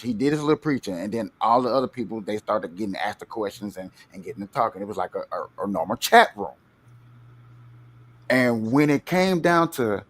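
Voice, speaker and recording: A man with an African American English accent hosts a casual chat. He talks in animated, rambling runs, stacking up repeated words and swinging from quiet asides to loud outbursts. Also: medium pitch.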